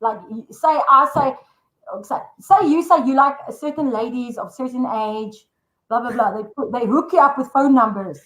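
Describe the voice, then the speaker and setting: High, bubbly Afrikaans-accented woman. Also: normal speed, fairly bright tone, roomy sound, rough recording. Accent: South African, Afrikaans. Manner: bubbly, teasing, mixes Afrikaans into English. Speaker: guest, awards organiser. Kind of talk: playful live-stream chat.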